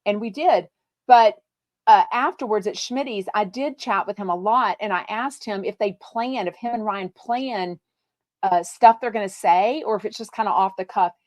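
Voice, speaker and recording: A woman hosting a live podcast, chatting in a bubbly, gushing way as she reads viewer comments. Her voice sits at an ordinary middle pitch. The sound is close and dry. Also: normal speed, darkish tone, no echo. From Texas. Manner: bubbly and gushing, many fillers. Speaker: podcast host. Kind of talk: live-stream chat reading viewer comments.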